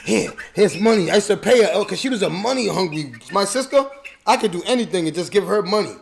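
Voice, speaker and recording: A man in casual chat, telling animated, loud stories with lots of laughter. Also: high-pitched, quick pace, gravelly.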